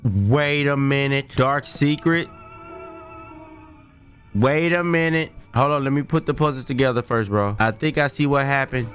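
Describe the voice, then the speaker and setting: A man hosting a gaming video, giving casual, slangy let's-play commentary and yelling in fright. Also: medium pitch, measured pace, soft background music. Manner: excitable, yells in fright, slangy.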